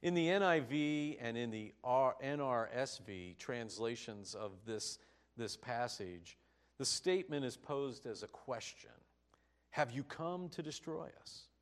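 A man preaching a sermon, telling stories with animated, rising emphasis. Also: medium pitch, unhurried, clean tone. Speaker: pastor.

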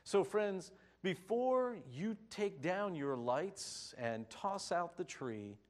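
Animated male preacher, lively pitch. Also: slow pace. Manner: expressive storytelling, rising rhetorical questions. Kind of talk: sermon.

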